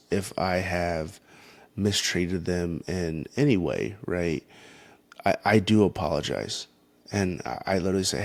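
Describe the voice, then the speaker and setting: Low, gravelly-voiced slow-talking man. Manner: earnest, halting, frequent restarts. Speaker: podcast host. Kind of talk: faith-based parenting talk.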